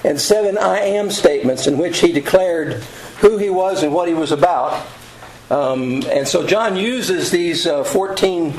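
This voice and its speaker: A man teaching a casual Bible study lesson, pausing often with ums and uhs. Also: on the high side, a little mellow. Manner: halting, many ums and uhs. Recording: roomy echo.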